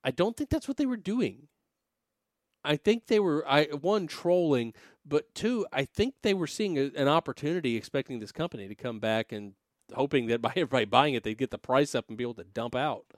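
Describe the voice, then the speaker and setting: A man's voice: medium pitch, animated, dry recording, studio quality. A man casually reading news aloud on a podcast, stumbling over words and joking. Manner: reads haltingly with many fillers and restarts, laughs often.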